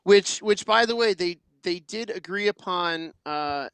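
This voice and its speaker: A man co-hosting a podcast, talking hockey in an animated way, repeating himself for emphasis. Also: high-pitched, a little slow, clear, resonant tone, dry recording. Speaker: podcast co-host. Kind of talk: casual sports chat.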